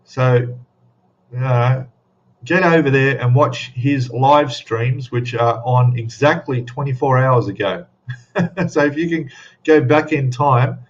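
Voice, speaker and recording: A man's voice: mid-range voice, takes it slowly. Laid-back Australian man on a lo-fi webcam mic. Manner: rambling, friendly greetings to chat viewers. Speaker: live stream host. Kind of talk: casual live stream chat. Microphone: webcam microphone.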